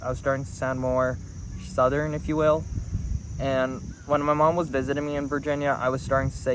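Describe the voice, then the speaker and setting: A man's voice: mid-range voice, level tone, brisk, background noise. A young man from New Mexico with an American accent, telling a personal story in a rambling, self-correcting way. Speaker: vlogger. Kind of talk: casual talk to camera.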